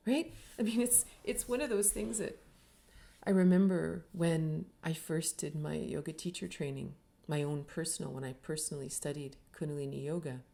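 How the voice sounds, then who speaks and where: A woman's voice: sits low, normal speed, gravelly, warm tone. A middle-aged woman giving a reflective teaching talk on spirituality, earnest and full of rhetorical questions. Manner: earnest, uses many rhetorical questions and tags with "right?".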